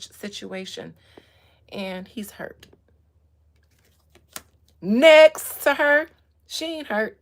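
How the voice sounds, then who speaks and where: A woman hosting a casual chat about astrology and gossip, animated, swinging from low murmurs to loud bursts. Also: vocal fry, breathy edge. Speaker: host.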